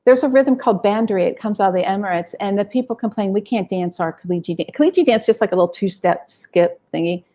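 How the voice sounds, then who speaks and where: Middle-aged woman scholar in an interview, lively, acts out quotes, mid pitch. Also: quick pace, hardly any pauses. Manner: animated, acts out quoted people. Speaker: music scholar, interview guest.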